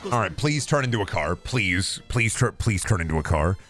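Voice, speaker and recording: A young man streaming a game, chatting casually, joking loudly and yelling at races. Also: fairly low pitch, expressive, normal speed, soft background music. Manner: loud, joking, yells at the game during races. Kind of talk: casual gaming stream chat.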